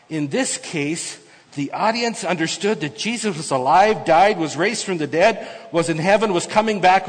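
Male pastor, slightly high voice, expository sermon, soft asides building to loud emphasis, long hall reverb.

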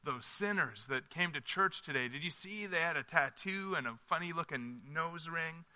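A man's voice: fairly high pitch, lively intonation, moderate pace, pushed and bright. A man voicing a snooty, self-righteous male churchgoer, gossiping in a sniffy tone. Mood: disdainful.

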